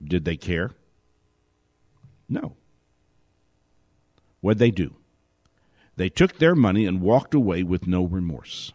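A man giving a spoken commentary monologue, indignant, asking question after question and dropping to a hushed whisper for emphasis. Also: lowish voice, no echo, clean studio sound. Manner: indignant, rapid rhetorical questions. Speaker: host.

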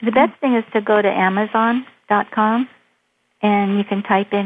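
A woman author being interviewed, telling lively, fast anecdotes. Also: mid-range voice, slight background noise. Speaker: author and guest. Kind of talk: storytelling in an interview. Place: Hawaii. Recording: tinny phone line.

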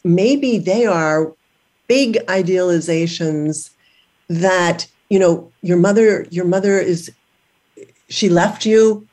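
A woman's voice: on the low side, dark tone. A woman hosting an interview, asking reflective questions in a searching way, circling and repeating as she goes. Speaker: podcast host.

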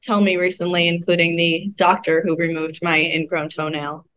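A woman's voice: fairly low pitch, flat delivery, moderate pace, fairly bright tone. A young adult woman chatting as a podcast co-host, telling self-deprecating stories with a laugh. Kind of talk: casual storytelling.

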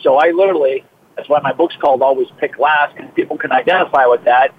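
A man's voice: medium pitch, fast. A man in his fifties from Massachusetts with a Boston accent, a guest talking at length in a chatty way with many fillers. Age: 50s. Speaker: guest, trainer and author. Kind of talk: interview over the phone. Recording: tinny phone line with faint hiss.

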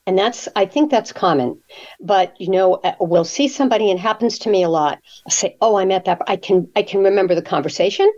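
A woman's voice: mid-range voice, brisk, darkish tone, lo-fi sound. A woman hosting an interview show, asking questions conversationally and adding her own stories. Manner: conversational, asks questions with personal anecdotes. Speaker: radio show host.

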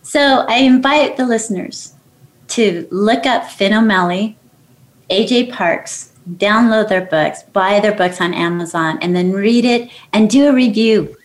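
A woman's voice: mid-range voice, unhurried. A woman hosting a radio talk show, gushing with praise and closing with affirmations. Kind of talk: enthusiastic chat and sign-off.

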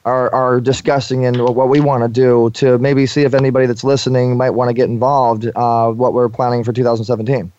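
A man's voice: mid-range voice, little pitch movement, a little mellow, muffled recording. Stammering male radio host. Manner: halting, many restarts and fillers. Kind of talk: conversational radio interview.

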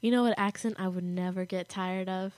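A teenage girl co-hosting a casual podcast chat, giggling often and gushing about what she loves. Her voice sits at an ordinary pitch for a girl. The sound is dry and close, with no room echo. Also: fairly even intonation, a little fast, darkish tone. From United States, Arizona and Colorado. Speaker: podcast co-host.

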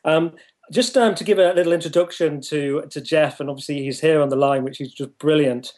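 A northern English man hosts the interview, pausing on many ums and laughing easily. His voice sits a little high for a man. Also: fairly even intonation, a little mellow. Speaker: host. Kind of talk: casual interview.

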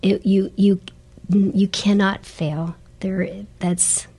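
A woman's voice: medium pitch, little pitch movement, slow, warm tone, husky. A middle-aged woman, a guest in an interview, telling her stories earnestly and with animation. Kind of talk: storytelling interview chat.

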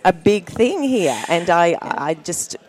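Self-mocking Australian woman comedian. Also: on the low side. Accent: Australian with a mixed American sound. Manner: self-mocking, quick deadpan asides. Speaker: stand-up comedian guest. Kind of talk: casual comic interview chat. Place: busy event floor.

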